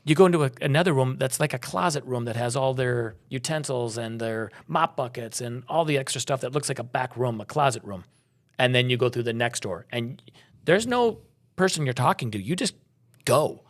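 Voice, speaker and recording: Expressive and fairly quick in a mid-range voice, this middle-aged Minnesotan co-host of a travel podcast rambles through stories in casual conversation, restarting as he goes.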